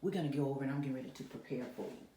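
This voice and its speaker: Speaking rapidly in a warm bass voice, a woman teacher encourages her young kindergarten and first-grade pupils and asks them questions during a virtual lesson. There is slight background noise. The classroom echoes, and her voice comes from a little away from the mic.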